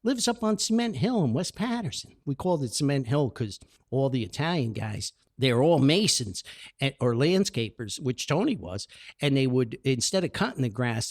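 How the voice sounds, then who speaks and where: A man's voice: mid-range voice, no room sound, clean studio sound. A man telling old neighborhood stories in a casual podcast monologue, laughing and acting out the dialogue. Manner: animated, laughing, acts out dialogue. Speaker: podcast storyteller. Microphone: studio mic.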